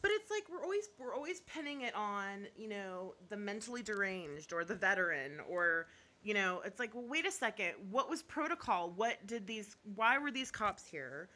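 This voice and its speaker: A woman chatting live with her viewers, her pitch swinging widely and her tone bright and forceful. She speaks bluntly and opinionated, laughs often, and apologizes half-jokingly when she thinks she's gone too far. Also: very animated, normal speed. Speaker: YouTuber. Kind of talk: casual live chat reading viewer comments.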